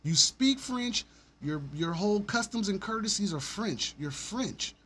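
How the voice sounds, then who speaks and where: A blunt, animated man from Alabama, talking on a casual livestream. His voice sits a touch high for a man, and his speech runs fast and loose with frequent swearing. Faint noise hums behind him. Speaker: stream host.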